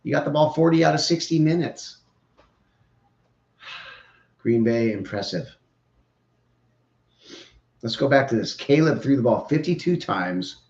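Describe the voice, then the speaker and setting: A man's voice: mid-range voice, animated, measured pace, pauses often, a little mellow. A man hosting a podcast, giving opinionated, rambling, joking sports commentary. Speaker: podcast host. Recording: roomy, dull lo-fi sound.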